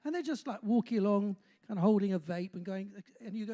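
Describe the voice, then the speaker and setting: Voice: medium pitch, fast talker, warm tone. An older compere in their sixties from Bristol, with a faint Bristol accent. They chat on stage at a pub, rambling and self-mocking, with lots of "uh"s. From Bristol, England. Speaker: compere of a live music night. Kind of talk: live stage banter. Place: pub function room, on stage.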